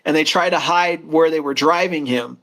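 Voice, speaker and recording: A man with a high-pitched voice, co-hosting a casual talk show. He tells long, rambling stories and slips into the voices of the people in them. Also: normal speed, sharp tone. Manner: rambling storyteller, acts out quoted voices. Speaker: co-host. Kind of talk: casual chat.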